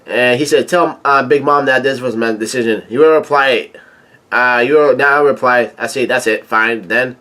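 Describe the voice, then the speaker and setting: A man reading a manga chapter aloud and reacting with excitement, halting often with fillers and restarts. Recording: low-quality home recording.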